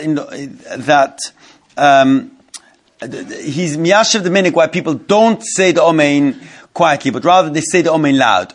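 Man teaching a religious text class. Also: fairly high pitch. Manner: reads Hebrew text in a quick mumble, then explains it slowly in English; restarts and repeats phrases, asks the class questions. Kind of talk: Torah study class, explaining a legal text.

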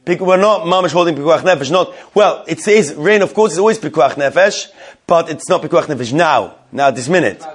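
A man's voice: on the high side, lively intonation, fairly quick. A man leading a Jewish law class, asking questions aloud and thinking through answers with many fillers. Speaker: Torah class teacher. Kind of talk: Talmudic-style halacha class.

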